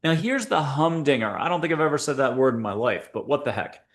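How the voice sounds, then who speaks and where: A man hosts a guided spiritual talk, speaking straight to his listeners. He keeps the tone playful and upbeat, slipping in jokes and quick asides. His voice sits at an ordinary middle pitch for a man. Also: lively intonation. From United States. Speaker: host and angel intuitive.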